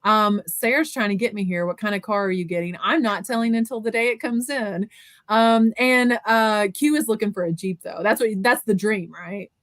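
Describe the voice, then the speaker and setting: A woman's voice: mid-range voice, normal speed, a bit bright, dry recording. A woman hosting a casual chat, reading viewer comments aloud in an upbeat, encouraging way. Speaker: host.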